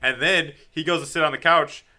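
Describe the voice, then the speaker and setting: A man co-hosting a podcast, casually recapping a comic book, acting out characters' lines with laughter. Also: a little high. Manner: animated retelling with quick acted-out quotes and laughs. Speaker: podcast co-host.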